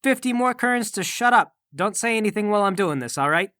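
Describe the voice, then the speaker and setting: A man playing a tabletop game, talking fast and wheedling with stammers. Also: high-pitched, lively intonation, pushed and bright, no echo, clean studio sound. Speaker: player. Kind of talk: tabletop role-play.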